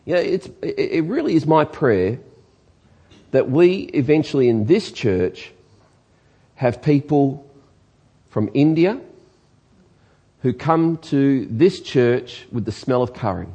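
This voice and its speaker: A man's voice: mid-range voice, animated, slow, long pauses, mellow, breathy edge, muffled recording. A man with an Australian accent, preaching a sermon earnestly and emphatically, asking his congregation rhetorical questions. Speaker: pastor.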